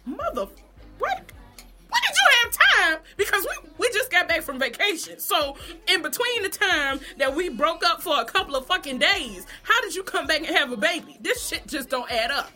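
A woman vlogger delivering an animated, profane comedic gossip rant straight to her viewers. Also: high-pitched, moderate pace, soft background music.

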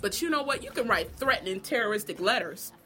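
A woman vlogger delivering an animated, profane comedic gossip rant straight to her viewers. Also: medium pitch, fast, soft background music.

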